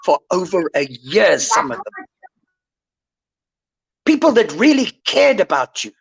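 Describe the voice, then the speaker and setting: A woman's voice: medium pitch, sing-song, a little slow, gravelly, breathy edge. An older woman on an online call, ranting indignantly and lecturing someone in a live chat. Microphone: online call mic.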